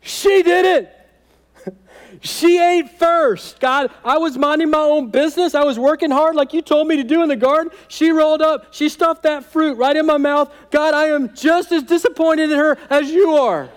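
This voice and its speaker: A man voicing the biblical first man as a whiny, blame-shifting complainer in a high, put-on voice. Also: moderate pace, in a large hall. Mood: whiny indignant.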